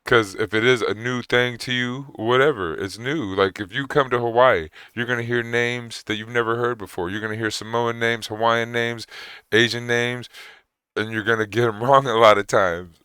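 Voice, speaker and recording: A man with a very deep voice whose words mush together, rambling through casual reaction commentary and acting out little exchanges. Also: steady tone, moderate pace, sharp tone, clear, resonant tone, dry recording, studio quality. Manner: rambling, conversational, acts out quoted exchanges.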